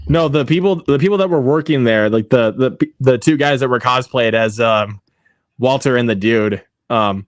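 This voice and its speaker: An excitable young man chatting casually and tripping over his words with lots of fillers. The sound is close and dry, with no room around it. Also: mid-range voice, normal speed, no echo. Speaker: quiz contestant. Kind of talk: casual chat.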